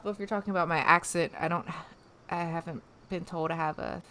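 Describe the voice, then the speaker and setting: A woman's voice: on the low side, brisk, bright, forceful tone. A woman from the American South with no regional accent, hosting a casual livestream and chatting with viewers, trailing off with fillers and restarts. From Southern United States. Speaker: livestream host.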